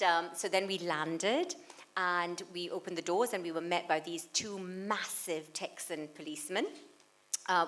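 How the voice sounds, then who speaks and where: A woman's voice: lowish voice, sharp tone. A woman author telling chatty, laughing anecdotes to an audience at a book launch. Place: event hall before an audience.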